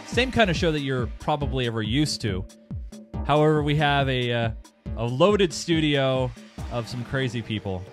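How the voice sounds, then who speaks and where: A man's voice: mid-range voice, lively intonation, moderate pace, faint music behind. A man hosting a podcast, joking with his panel and laughing often. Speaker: host. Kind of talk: casual podcast chat.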